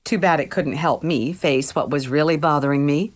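A woman's voice: low-pitched, moderate pace. A woman reading a first-person novel aloud as an audiobook narrator, in a wry, conversational storytelling manner.

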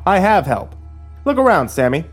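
A sneering, menacing sheriff from a spoken story, full of cold contempt. He drawls his taunts in a raised, forceful voice, played by a man narrating. Faint music sits under the reading. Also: high voice, very animated, moderate pace, pitched above the performer's own voice. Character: menacing sheriff, older man, cruel and smug.

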